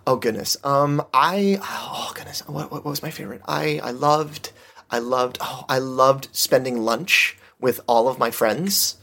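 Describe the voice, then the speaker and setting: A man's voice: medium pitch, a little slow, pushed and bright. Nervous young woman novice, man playing her, hesitant, rambling, lots of fillers.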